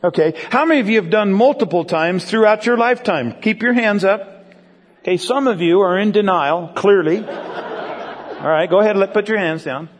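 High-voiced male pastor preaching. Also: moderate pace, in a large hall. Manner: conversational, asks the congregation questions. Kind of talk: sermon. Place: church with congregation.

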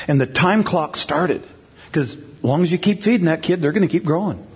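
A man's voice: on the high side, sing-song, moderate pace. A middle-aged male pastor giving a conversational sermon, often repeating words and asking the crowd "right?". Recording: long hall reverb.

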